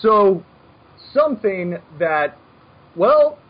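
A man coaching poker in casual chat, brash and animated, given to joking rants. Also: sits high, drawn-out words, husky, dull audio.

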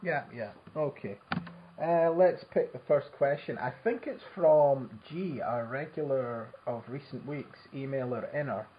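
A man's voice: medium pitch, unhurried, a little hiss or hum. A man with a mid-range voice hosts a podcast in easy, laid-back chat, thinking aloud as he goes. The recording sounds somewhat dull and lo-fi. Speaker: podcast host.

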